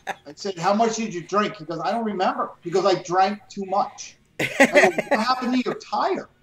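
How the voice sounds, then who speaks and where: A middle-aged man with a fairly high voice tells profane stories in a casual podcast chat. He is animated and acts out the lines of the people in his stories, and his voice rings in a roomy, echoey space. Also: normal speed. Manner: animated, profane storyteller who acts out dialogue. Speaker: guest, retired police officer and business owner. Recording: roomy echo.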